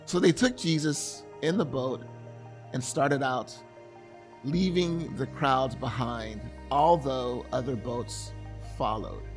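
A man's voice: mid-range voice, slow pace, soft background music. A man preaching a sermon, retelling a scripture story with earnest, vivid storytelling and acting out the scene. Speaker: pastor.

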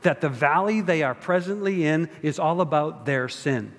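A man's voice: a little high, normal speed, long reverb tail. A man preaching a sermon, talking conversationally to the congregation with rhetorical asides. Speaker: pastor.

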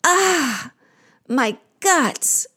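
A woman's voice: on the high side, very animated, takes it slowly. A woman voicing a moaning underworld queen goddess. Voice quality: moaning, groaning.

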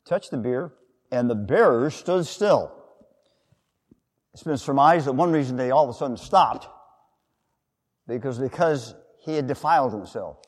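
A man preaching a sermon, his voice rising and falling with lively inflection. He talks in a loose, conversational way and acts out little quotes. The sound hangs in a big hall with a long tail of reverb. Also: mid-range voice, measured pace, long pauses. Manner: conversational, with acted-out quotes and asides.

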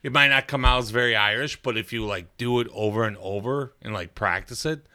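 A man's voice: mid-range voice, brisk, bright, forceful tone, smooth. A young man co-hosting a podcast in casual chat, hesitant and restarting his sentences often. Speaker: podcast co-host.

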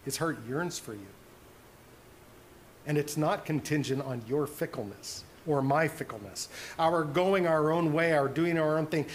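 A man preaching a sermon as pastor, earnest, dropping to soft hushed tones on tender points. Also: a little high, unhurried, slight background noise.

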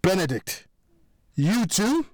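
A man voicing a furious middle-aged crime boss, talking loud and sarcastic as he accuses his crew. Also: high-pitched, sing-song, slow, dry recording, clean studio sound, pitched above the performer's own voice, heavily acted. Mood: angry. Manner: angry, raised and sarcastic.

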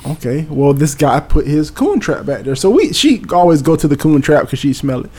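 A man, telling a story in casual chat, animated and profane, acting out voices and sounds. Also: a little high, normal speed, slightly rough.

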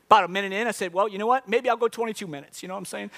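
A man preaches with a high, bright voice and tells a funny story in an animated way. The sound is dry and close, and his voice is sharp and tense. He acts out gasping for breath between lines. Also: racing, hardly any pauses, dry recording. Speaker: pastor. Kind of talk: sermon with comic story.

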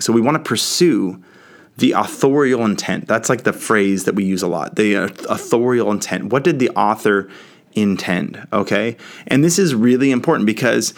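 A man teaching a Bible lesson in a casual, conversational way, often checking in with the listener. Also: on the low side.

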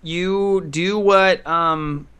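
A podcast co-host in casual group chat, relaxed and chatty with many fillers. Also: medium pitch, drawn-out words, clear, resonant tone.

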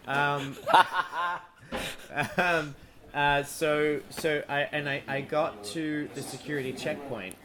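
A man's voice: on the high side, steady tone, takes it slowly, a crowd in the background. A man casually telling a comic travel anecdote on a podcast, laughing often. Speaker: podcast co-host. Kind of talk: casual chat, storytelling. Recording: noticeable background noise.

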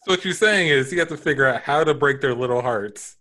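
A man's voice: mid-range voice, brisk, sharp tone. A man hosting a casual podcast chat, asking laid-back questions with a laugh.

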